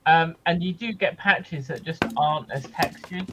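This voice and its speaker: A man explaining a hobby technique on a casual live stream, with a few ums and pauses. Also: a little high. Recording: noisy mic.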